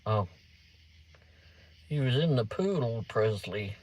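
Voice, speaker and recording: A man's voice: mid-range voice, lively intonation, slow pace, darkish tone, low-quality recording. A man live-streaming late at night, chatting casually, greeting viewers by name and answering the chat.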